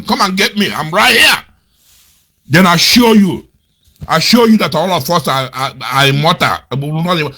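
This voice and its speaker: Man, angry commentary, mocking, husky, fairly high voice. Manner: scornful, indignant, repeats insults, swings between loud outbursts and low mutters. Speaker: commentator on a web radio show. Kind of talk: angry political commentary, reading out and mocking quotes.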